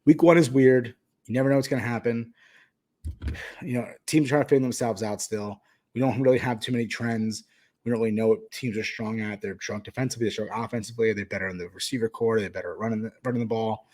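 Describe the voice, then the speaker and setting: A man's voice: medium pitch, fairly even intonation, fast talker, darkish tone. A man hosting a podcast, talking casually through his sports betting picks with frequent fillers and restarts. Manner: rambling, hesitant with many fillers. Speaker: podcast host.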